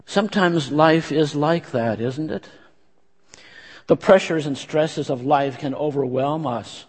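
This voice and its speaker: A man preaching a sermon and reading scripture in a measured, earnest way in a church. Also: fairly high pitch. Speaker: pastor. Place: church sanctuary. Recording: long church-hall reverb.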